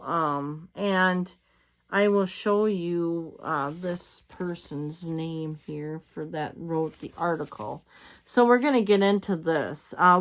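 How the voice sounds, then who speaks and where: Woman vlogger, tired and late-night, slightly low voice, rambling chat with fillers, reads articles aloud. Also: a bit bright. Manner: rambling, repeats herself, many fillers. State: tired, yawning. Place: home at night.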